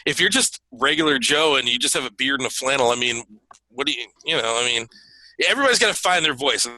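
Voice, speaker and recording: A former stand-up comic as a guest in a casual chat, blunt and profane, talking animatedly. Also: male voice, mid-range voice, lively intonation, fast talker, sharp tone, no echo, rough recording.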